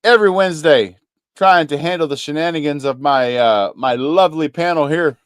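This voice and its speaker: A man's voice: a little high, moderate pace, clear, resonant tone, no echo. A man from Kentucky with a toned-down Kentucky accent, hosting a live gaming show in loose, joking, rambling talk. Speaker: show host. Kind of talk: casual live-stream chat.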